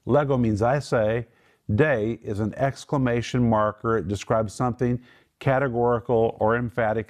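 A man's voice: medium pitch, fairly even intonation, moderate pace, darkish tone. A middle-aged man teaching the Bible on a Christian broadcast, emphatic and lifting his voice when quoting scripture. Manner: emphatic, lifts voice for quoted words.

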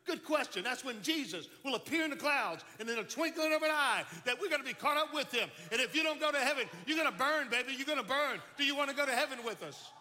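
A man putting on a fiery teenage preacher, booming. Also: lively intonation, quick pace, hardly any pauses, bright, forceful tone, heavily acted. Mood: fervent. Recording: long hall reverb.

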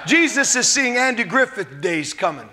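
A man preaching a sermon from the United States, animated, asking the congregation rhetorical questions and acting out quotes. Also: sits high, moderate pace. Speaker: pastor.

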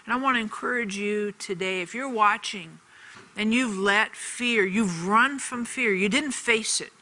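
A woman's voice: medium pitch, unhurried, sharp tone, poor audio. A woman giving an earnest televised faith teaching, telling a personal story and repeating phrases for emphasis. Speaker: TV ministry teacher.

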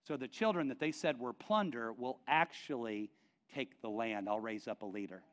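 A man preacher voicing God as a stern, solemn presence, grave and measured. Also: mid-range voice, fairly bright tone, pitched below the performer's own voice, lightly acted.

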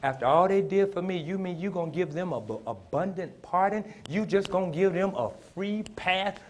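A man preaching a sermon in plain, folksy speech, building to shouted emphasis and calling on the congregation to respond. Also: high voice, animated, moderate pace, a little hiss or hum. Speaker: pastor.

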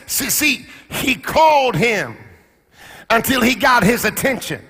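High, gravelly impassioned male preacher. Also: sing-song, slow pace, big-room sound, faint music behind. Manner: impassioned, call-and-response preaching with shouts and sung phrases. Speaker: pastor. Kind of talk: sermon. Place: church.

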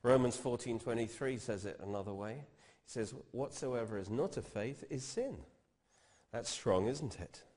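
A man's voice: mid-range voice, expressive, measured pace, darkish tone. A man preaching a teaching sermon, explaining step by step and quoting scripture with rising emphasis.

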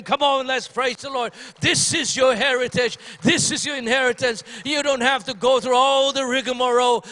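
A man with a high voice preaches a Sunday morning sermon with fervent energy. He repeats phrases for emphasis, often restarts his sentences, and calls out to the congregation to answer him. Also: pushed and bright, in a large hall. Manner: fervent, repetitive, mimics pleading prayers. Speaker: pastor.

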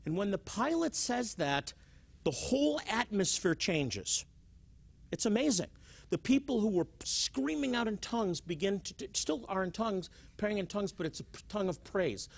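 A man teaching as a Bible teacher and TV host. He tells stories in an animated way and repeats his words. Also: high voice, normal speed.

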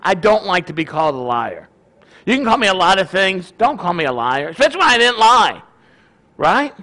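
A man, a rabbi, giving a sermon in a conversational, animated storytelling way. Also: sits high, fairly quick.

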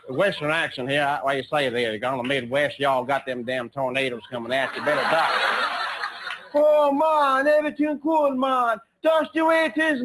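A man doing stand-up, switching quickly between comic accent impressions. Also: a little high, a bit bright, pitched above the performer's own voice, close to an everyday voice, rough recording. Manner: rapid switches between put-on voices, jokey. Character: string of comic accent caricatures, male. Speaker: comedian.

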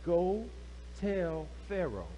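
A man voicing God as a commanding figure who gives slow, solemn commands to a prophet. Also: high-pitched, big pitch swings, dark tone, highs cut off, a little hiss or hum, heavily acted.

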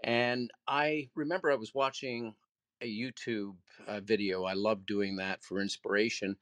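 A man's voice: medium pitch, a bit bright, no echo. Earnest man with a dry, close sound. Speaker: panel guest. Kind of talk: conversational panel talk.

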